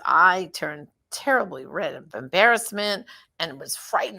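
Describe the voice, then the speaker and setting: Gravelly-voiced woman telling her story. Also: medium pitch, sing-song, moderate pace, pushed and bright. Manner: storytelling, acts out quoted voices. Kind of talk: casual personal testimony.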